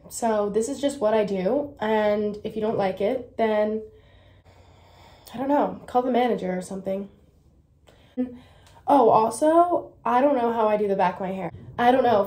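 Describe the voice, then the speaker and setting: A young woman talks through a hair tutorial in a loose, rambling way. She mocks herself, trails off and fills gaps with "like" and "um" at a middling pitch. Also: warm tone. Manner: rambling, self-mocking, lots of fillers; drifts into whispering at times. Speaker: beauty vlogger. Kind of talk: casual hair tutorial chat.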